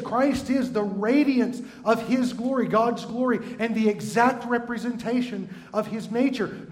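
A man preaching a sermon, talking in a conversational way and turning often to the congregation. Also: high-pitched. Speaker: pastor. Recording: roomy echo.

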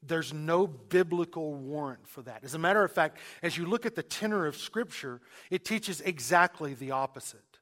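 Man, pastor, sermon, emphatic, repetitive, somewhat high voice. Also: animated, moderate pace, hardly any pauses, fairly bright tone. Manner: emphatic preaching with repetitions and restarts.

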